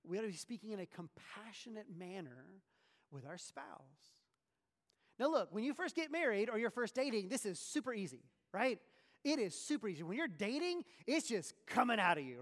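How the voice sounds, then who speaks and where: Animated preaching man in a reverberant hall. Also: sits high, normal speed. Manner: animated, full of rhetorical questions and sarcastic asides. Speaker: pastor. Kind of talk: sermon.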